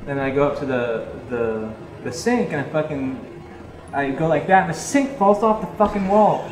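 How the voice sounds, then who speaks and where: A man telling a rambling tour story in casual chat, animated, swearing freely and laughing as he talks. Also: on the high side, moderate pace. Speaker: interview guest, touring musician. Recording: echoey room.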